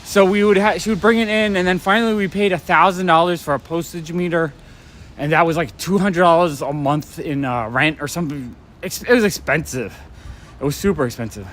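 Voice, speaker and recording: A man's voice: on the high side, fairly quick, fairly bright tone. A man chatting casually while walking and live-streaming, talking in a rambling way and getting a little out of breath. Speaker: comic shop owner vlogger. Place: outdoors on a rainy city street at night. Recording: faint street and traffic noise.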